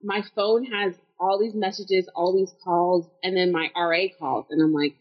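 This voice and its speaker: Young woman, husky voice, animated storyteller who acts out the quotes, slightly dull recording. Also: medium pitch, normal speed, hardly any pauses. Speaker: panel guest. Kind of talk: casual storytelling.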